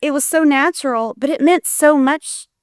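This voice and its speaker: A talk-show co-host speaks in a high-pitched voice at a moderate pace, and the recording is clean studio sound with no room echo. She chats emotionally and rambles, often cutting herself off to restart her sentences.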